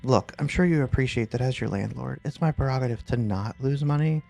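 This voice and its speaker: A man voicing a smug, scheming middle-aged landlord who talks in a smooth, condescending and coolly threatening way, with a gravelly edge. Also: medium pitch, a little fast, a little mellow, soft background music.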